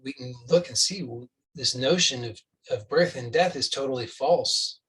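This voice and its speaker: A man's voice: mid-range voice, moderate pace, a bit bright, far from the mic, low-quality recording. A man giving an earnest, insistent spiritual talk, often restarting phrases and acting out imagined dialogue with the listener. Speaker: spiritual teacher.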